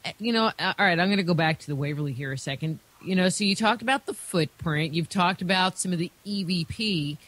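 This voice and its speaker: A woman's voice: fairly low pitch, fast, a bit bright. Woman, radio host, chatty, rambling questions, giggly. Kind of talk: interview questions.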